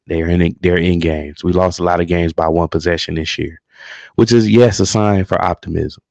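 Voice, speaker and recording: Deep gravelly man ranting heatedly. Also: steady tone, moderate pace, darkish tone, no echo, dull audio. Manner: heated, profane, repeats himself. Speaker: livestream co-host. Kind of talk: profane casual sports rant.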